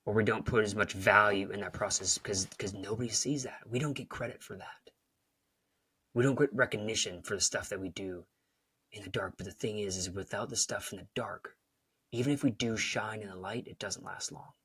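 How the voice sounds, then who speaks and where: A man's voice: on the low side, moderate pace, sharp tone, slightly rough, dry recording. A man hosting a podcast, giving a rambling motivational talk and retelling scenes with emphasis. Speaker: podcast host and coach.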